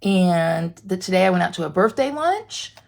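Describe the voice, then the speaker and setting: A woman's voice: fairly low pitch, sing-song, moderate pace, vocal fry, a little mellow. A woman from Canada hosts a crafting livestream from her home craft room. She chats along as she works and answers viewers' comments. Her talk is loose and conversational, full of fillers and restarts. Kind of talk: casual livestream chat while crafting. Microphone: phone camera.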